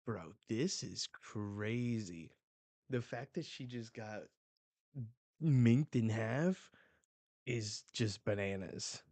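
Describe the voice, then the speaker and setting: This is a man hosting a live reaction to a comic chapter, his voice sitting on the low side. He speaks in a slow, stretched-out way, yet his slang and broken-off phrases keep it excitable. The sound is close and dry, with no room ring. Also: dry recording. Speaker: manga reaction host. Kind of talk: casual live reading reaction.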